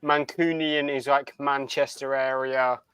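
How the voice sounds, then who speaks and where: A man's voice: mid-range voice, little pitch movement, unhurried, a bit bright, smooth, dry recording. An English man with a southern accent, a podcast co-host explaining things in casual chat over a video call, often restarting his sentences. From Northumbria, England.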